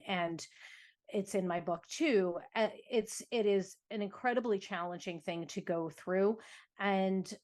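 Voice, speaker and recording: A woman hosting a parenting podcast, responding to her guest in an affirming, reflective way. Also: lowish voice. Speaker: podcast host. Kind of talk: podcast interview.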